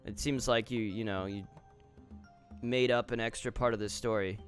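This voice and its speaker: A man's voice: fairly low pitch, fairly even intonation, normal speed. A man streaming, reading online posts aloud and reacting with casual, offhand commentary. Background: faint guitar music.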